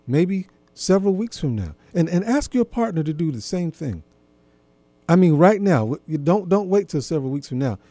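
A man giving an earnest, gently instructive talk to listeners about marriage, often repeating himself. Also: a little high, no room sound. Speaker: marriage and intimacy speaker.

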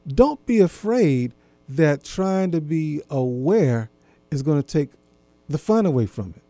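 A man giving an earnest, gently instructive talk to listeners about marriage, often repeating himself. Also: on the high side, no echo. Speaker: marriage and intimacy speaker.

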